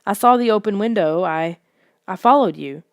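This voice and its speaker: A woman's voice: medium pitch, expressive, moderate pace, no echo, clean studio sound, lightly acted. A woman voicing a frightened young kid who stammers and pleads in a raised voice. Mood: frantic.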